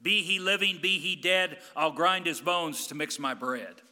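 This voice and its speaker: A man voicing a huge, menacing male giant from a storybook, chanting in a booming voice. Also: a little slow, bright, forceful tone, long reverb tail.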